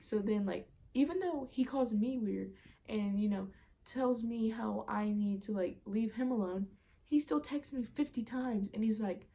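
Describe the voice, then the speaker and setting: A woman's voice: a little high, a little slow, gravelly, warm tone. A young woman telling a story in a casual vlog, chatty and exasperated, full of "like.". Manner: chatty, exasperated, heavy use of "like". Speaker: vlogger.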